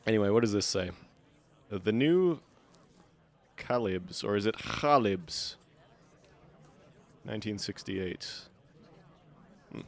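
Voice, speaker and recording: A man's voice: on the low side, animated, normal speed, pauses often, a little mellow. A man streaming a game live, chatty and joking, thinking aloud as he plays. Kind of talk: live gameplay commentary.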